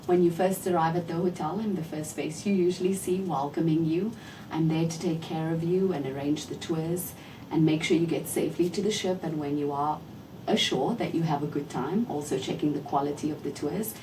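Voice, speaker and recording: A polite, articulate woman guest who explains things fully and warmly formal. Her voice is somewhat low. The sound is distant, with a clear rumbling noise behind her. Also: brisk. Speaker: cruise manager, interview guest. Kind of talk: interview.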